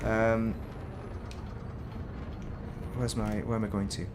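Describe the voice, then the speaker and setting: A man's voice: lowish voice, flat delivery, slow, noisy background. A man casually commentating while he plays a space game, rambling and breaking off mid-sentence. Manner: rambling, self-interrupting, chatty. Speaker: game streamer.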